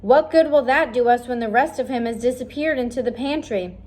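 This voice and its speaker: A bossy, loud cook barks orders and rails against mice, as a woman puts her on. The voice rides high and brash. This is a storybook scene. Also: fairly quick, natural voice. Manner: shouting, bossy.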